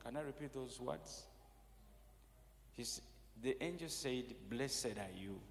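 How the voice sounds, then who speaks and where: A man preaching a sermon in measured phrases, pausing for his interpreter. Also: medium pitch, lively intonation, slight background noise. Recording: reverberant hall with faint music.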